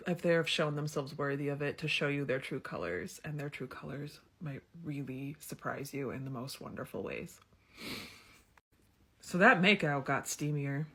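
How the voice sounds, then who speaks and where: A woman's voice: low-pitched, fairly bright tone. Chatty woman in her thirties telling a story. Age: 30s. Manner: chatty and frank, many fillers like "like" and "um". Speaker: storyteller vlogger. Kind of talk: candid storytime chat.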